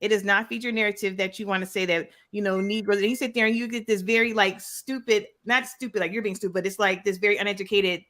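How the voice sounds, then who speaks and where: A woman's voice: mid-range voice, steady tone, quick pace, hardly any pauses, a bit bright. A woman on a remote call as a panel guest, firm and insisting on finishing her point in a heated debate. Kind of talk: heated live-stream debate.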